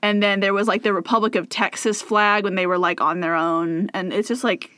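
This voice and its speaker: A woman's voice: medium pitch, steady tone, a bit bright, smooth, no room sound, clean studio sound. A woman chatting casually with a friend, giggling often and throwing in sarcastic asides. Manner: giggly, sarcastic, quick to laugh. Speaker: co-host guessing state mottos. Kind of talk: casual chat.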